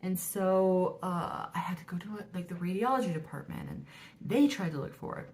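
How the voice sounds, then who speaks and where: A woman in her thirties with a mid-range voice tells a personal story at normal speed in a casual vlog. She is chatty and full of fillers, and often drops to a whisper when quoting her own thoughts.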